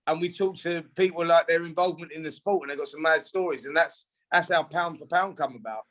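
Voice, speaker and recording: A man chatting as a guest on a boxing podcast, his voice sitting a little high for a man. He tells stories with lots of energy. He slips into other people's voices as he quotes them. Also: a little fast. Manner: animated storyteller who acts out quoted dialogue. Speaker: podcast guest, former boxer and pundit. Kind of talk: casual podcast chat.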